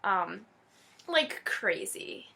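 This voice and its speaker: A woman's voice: medium pitch, sing-song, drawn-out words, creaky, sharp tone, breathy edge. A young woman in her twenties chatting casually to camera, gushing and teary, with lots of fillers. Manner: emotional, gushing, many fillers. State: teary-eyed. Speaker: vlogger.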